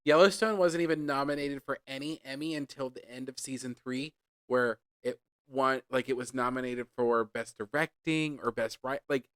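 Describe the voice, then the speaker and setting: A man co-hosting a podcast in casual chat, blunt and deadpan, swearing freely. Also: medium pitch, normal speed, clear, resonant tone, dry recording. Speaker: podcast co-host.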